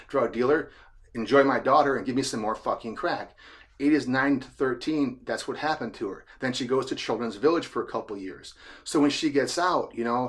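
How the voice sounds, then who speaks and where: A man who is a therapist, giving a blunt, profane motivational talk in a street-wise, emphatic way. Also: medium pitch.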